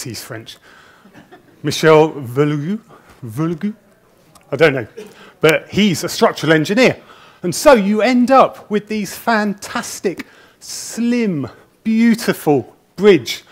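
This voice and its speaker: A middle-aged man speaking at a conference, a nervous, chatty storyteller who jokes at his own expense, on a wireless presenter mic. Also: fairly high pitch. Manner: nervous, chatty storyteller with self-deprecating humour. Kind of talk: conference talk. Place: conference hall. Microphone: wireless presenter mic with a body pack.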